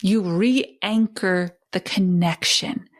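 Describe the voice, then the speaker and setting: A woman parenting educator hosting a talk, speaking expressively and acting out warm back-and-forth with a child as she teaches. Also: medium pitch, very slow. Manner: expressive, emphatic, acts out dialogue with a child.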